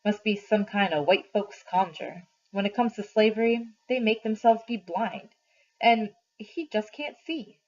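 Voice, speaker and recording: Woman teacher reading aloud, lo-fi. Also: mid-range voice. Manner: slow, deliberate expressive reading. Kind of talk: reading a novel aloud to a class. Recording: dull lo-fi recording.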